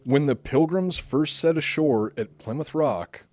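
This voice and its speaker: A man's voice: fairly high pitch, measured pace, darkish tone, no echo. Profane, jokey male podcast host. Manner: profane, jokey, often laughing. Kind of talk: casual podcast chat, reading notes.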